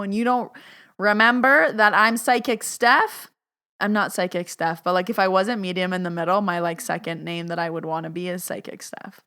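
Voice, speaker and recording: Chatty woman with a smooth clear voice. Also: a bit bright. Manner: chatty, lots of "like", acts out quotes with big pitch jumps. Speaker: podcast host and psychic medium. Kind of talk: casual storytelling monologue.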